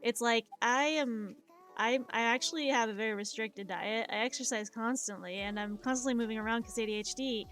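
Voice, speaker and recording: A young woman with a fairly high voice chats casually on a live art stream, wandering from story to story and leaning on "like" and "um". She talks into a desk mic in a home setup, with soft music playing faintly behind her. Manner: rambling storytelling, lots of "like" and "um". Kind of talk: casual chat while drawing on a live stream.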